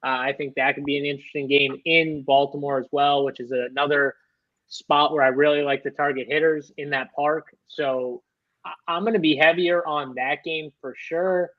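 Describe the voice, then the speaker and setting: Man, somewhat high voice, rambling casual talk, muffled lo-fi mic, dry. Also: fairly even intonation, normal speed, no echo. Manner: loose, rambling, filler-heavy. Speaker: fantasy sports analyst. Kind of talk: casual live-show chat.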